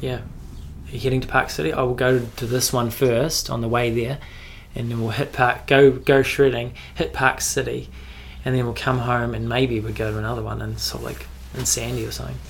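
Young kiwi guy yarning away, lots of likes and ums, kinda creaky voice. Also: mid-range voice, flat delivery, moderate pace, few pauses, slight background noise. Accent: New Zealand. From New Zealand. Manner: rambling storytelling with frequent "like" and laughs. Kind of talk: casual chat.

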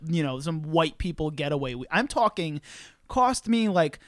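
A young man telling a wild story in casual, profane podcast chat, acting out the people in it loudly. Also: on the high side, moderate pace, dry recording. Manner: animated, profane, acts out quoted people loudly.

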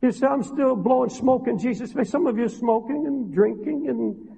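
A man preaching as a pastor to a congregation in an impassioned sermon, with a husky voice that rises to loud pleading. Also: extremely high pitch, normal speed. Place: church hall. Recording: dull reverberant hall recording.

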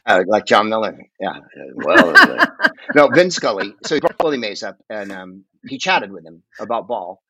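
A man telling long, rambling, animated stories in casual chat as a podcast guest, often swearing along the way. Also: on the low side, moderate pace, husky, dry recording, low-quality recording. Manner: rambling, animated, profane storyteller.

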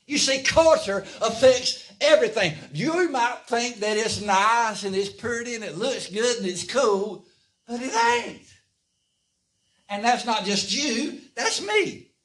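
A man with a high-pitched voice preaches a sermon, pausing to ask the congregation for amens. The sound is roomy and comes from a distance, as if a mic was set across an echoey church sanctuary. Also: a bit bright. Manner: call-and-response preaching, asks the congregation for amens.

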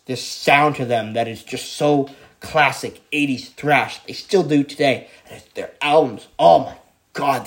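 Excitable man ranking metal bands. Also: mid-range voice. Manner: excitable, swears freely, repeats himself. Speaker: music vlogger ranking bands. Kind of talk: casual enthusiastic countdown.

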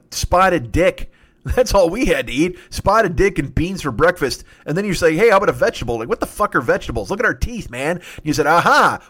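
A man hosting a comedy show, riffing through a profane, improvised rant and slipping into silly voices. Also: on the high side. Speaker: comedy podcast host.

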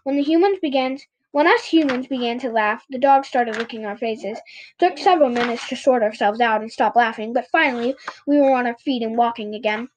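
High-voiced woman reading a children's book. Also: brisk, slight background noise. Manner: frequent stumbles and self-corrections. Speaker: reader.

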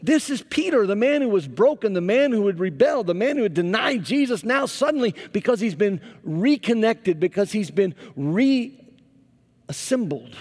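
Male pastor, lively sermon storyteller, slightly high voice, long hall reverb. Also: normal speed. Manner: animated storytelling, volume rising and falling. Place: church sanctuary.

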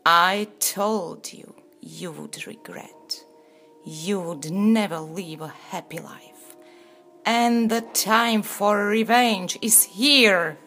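A woman voicing a vengeful witch in a storybook reading, talking slowly in a breathy, whispery menace. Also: medium pitch, a bit bright, soft background music.

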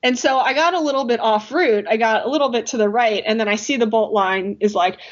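A woman telling a climbing story in casual chat, animated and laughing often. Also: a little high, fairly quick. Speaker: podcast guest or co-host, rock climber. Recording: dull, lo-fi podcast audio.

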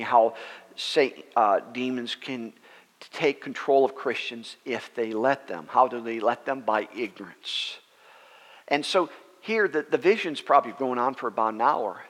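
A man, a pastor, preaching a sermon as a story, acting out the people in it with lively, rising voices. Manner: animated, acts out quoted voices with rising pitch. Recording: long reverb of a church hall.

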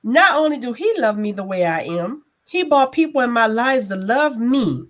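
Woman cohost, high voice, preachy faith chat w/ viewers. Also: expressive, normal speed, fairly bright tone. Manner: preachy, addresses viewers directly. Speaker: co-host. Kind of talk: faith talk show chat.

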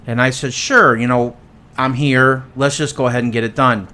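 A man hosting a podcast, telling a profane, animated story and acting out both sides of the conversation. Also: medium pitch, normal speed. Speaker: podcast host. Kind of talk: casual storytelling chat. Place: echoey tunnel.

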